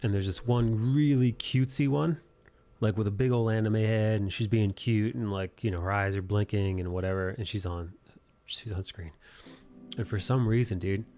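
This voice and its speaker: A man's voice: on the low side, steady tone, moderate pace, dark tone. A young man hosting a live drawing stream, chatting casually and laid-back, dropping swear words and "dude" often. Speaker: streamer host. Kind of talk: casual chat while drawing.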